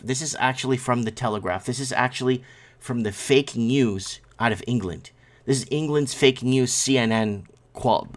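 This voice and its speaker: A male host talks loosely through headlines on his morning stream, wandering off on tangents and answering chat comments as they come in. He sounds sleepy and yawning, with a middling pitch and an everyday voice. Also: fairly bright tone. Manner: rambling, reacts to chat comments. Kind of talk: casual live-stream commentary.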